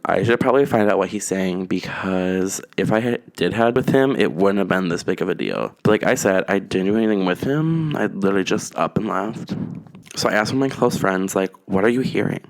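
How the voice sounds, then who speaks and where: A man in whispered role-play, softly retelling a storytime in the first person. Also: sits low, lively intonation, brisk. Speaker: YouTuber.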